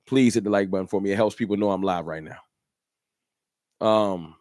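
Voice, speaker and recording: Man, livestream host, emphatic rant, repetitive slang, low-pitched, dry close sound. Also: moderate pace, darkish tone, dry recording. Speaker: fan channel host.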